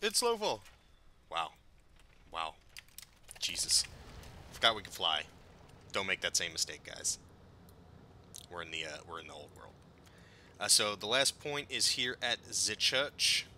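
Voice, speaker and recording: A man with a low, very bright, sharp voice, chatting through his gameplay. He rambles, swears freely and jumps from calm to loud outbursts. A faint hiss runs behind him. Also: unhurried, pauses often. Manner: profane, excitable, rambling. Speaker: gameplay commentator. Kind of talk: casual let's-play commentary.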